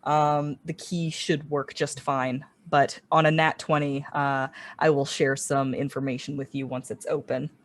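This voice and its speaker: A game master slowly describing a tabletop scene, with many pauses and fillers. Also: medium pitch, flat delivery. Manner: slow, hesitant, many ums.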